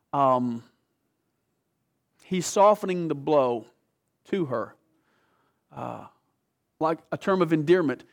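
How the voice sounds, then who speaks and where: A man preaching a sermon, retelling a scripture story with lively, animated delivery, acting out the voices and dropping to soft, dramatic lows.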